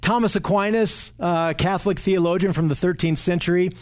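A man's voice: high-pitched, fairly quick. A man leading a Bible study, explaining scripture in an earnest way and often checking in with his listeners. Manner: earnest and explanatory, often asks the group questions.

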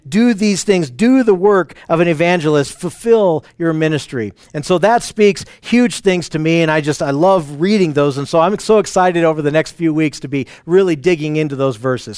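A man's voice: a little high, a little mellow, smooth, no echo, studio quality. A man teaching a Bible passage in an earnest, enthusiastic way, often restarting his sentences.

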